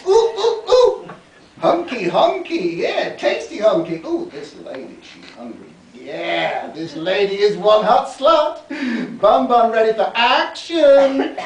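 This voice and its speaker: A man's voice: sits high, very animated, takes it slowly, pitched above the performer's own voice, full character voice. A man voicing a flamboyant, lustful camp man with a squealing, cooing shriek, recorded from a distance in an echoey room. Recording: echoey room, mic far off.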